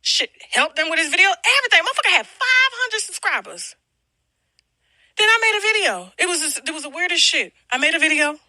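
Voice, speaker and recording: A woman gossip blogger rants straight to her audience, blunt and profane, slipping in quick impressions of the people she talks about. Her voice sits very high and cuts through sharply, and the sound is close and dry with no room around it. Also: big pitch swings, sharp tone, no room sound. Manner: blunt, brash and heavily profane, acting out others' lines. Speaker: celebrity gossip blogger and channel host. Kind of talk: casual profane rant to camera.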